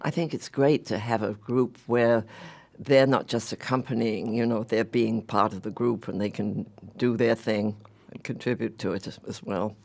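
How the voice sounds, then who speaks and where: A man's voice: fairly low pitch, steady tone, moderate pace, vocal fry, a little mellow. A man hosting an interview, asking questions in a friendly, chatty way. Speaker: interviewer, host. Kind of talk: casual interview conversation.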